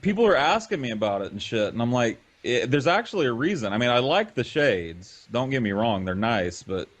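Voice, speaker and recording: A man's voice: mid-range voice, big pitch swings, a little fast. A man hosting a podcast, chatting loosely with profane jokes. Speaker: podcast host. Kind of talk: casual podcast banter. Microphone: podcast mic with soundboard.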